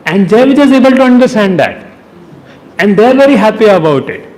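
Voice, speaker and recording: A man with an Indian English accent teaching a devotional class, lively and teasing, with rhetorical questions and chuckles. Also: high-pitched, quick pace. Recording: long hall reverb, faint noise.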